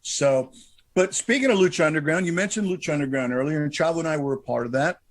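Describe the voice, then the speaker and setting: A man's voice: on the high side, quick pace. A man hosting an interview podcast, telling stories eagerly and often repeating words as he starts. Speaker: podcast host. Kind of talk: casual interview chat.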